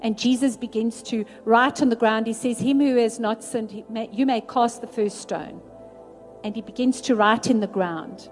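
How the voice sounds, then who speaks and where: A woman preaching a sermon in an earnest way, slowing down to stress key words. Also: a little high, faint music behind. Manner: earnest, slows down for emphasis.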